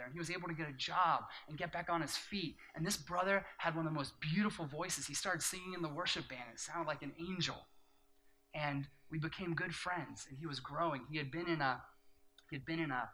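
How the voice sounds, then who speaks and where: A middle-aged male pastor gives a sermon in a very bright, ringing voice pitched a little high. He tells his story earnestly and quietly, then builds to emphatic preaching. A faint hum sits behind him. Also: poor audio.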